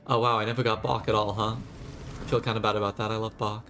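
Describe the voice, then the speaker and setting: A man's voice: on the low side, level tone, fast talker, a bit bright, a little hiss or hum. A man streaming a video game and chatting to viewers with sarcastic, jokey asides. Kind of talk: live gameplay commentary.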